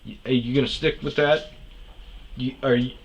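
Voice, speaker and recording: A man's voice: mid-range voice, steady tone, moderate pace, highs cut off. A man hosting a podcast, telling a story in a profane, heated rant that keeps restarting its sentences. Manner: swears often, restarts sentences, gets heated. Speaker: podcast host.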